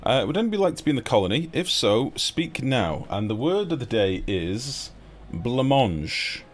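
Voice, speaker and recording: A man's voice: mid-range voice, very animated, a little fast, soft background music. A man live-streaming a game, joking and teasing his chat in playful banter.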